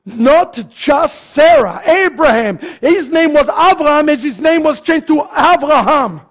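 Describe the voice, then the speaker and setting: A male pastor preaching a sermon to his congregation, swinging from loud fervent shouts to hushed, near-murmured lines. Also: very high voice, expressive, unhurried. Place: congregation's sanctuary.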